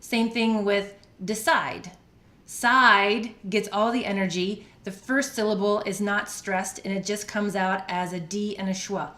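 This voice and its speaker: Clear American woman teaching pronunciation. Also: medium pitch, steady tone, sharp tone. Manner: clear, deliberate, spells out letters. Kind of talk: scripted lesson. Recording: echoey room.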